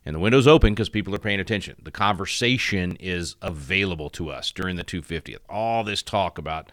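A man's voice: low voice, a little fast, fairly bright tone, no room sound, clean studio sound. A middle-aged man hosting a radio talk show, rambling through his points with many restarts and fillers. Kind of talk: casual radio commentary.

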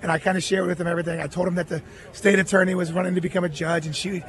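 A middle-aged man with a notably high-pitched speaking voice tells a long personal story as a radio guest. He is earnest, recounting conversations and quoting others without changing his voice. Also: flat delivery, very fast, a bit bright. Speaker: guest, former baseball catcher.

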